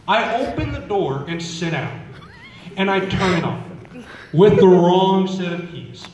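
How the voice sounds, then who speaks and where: A young man doing stand-up at a school talent show, telling chatty stories and asking the crowd questions. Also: sits high. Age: young adult. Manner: chatty, asks the crowd questions, acts out relatives. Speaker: student comedian. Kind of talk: stand-up storytelling. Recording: echoey hall from far off.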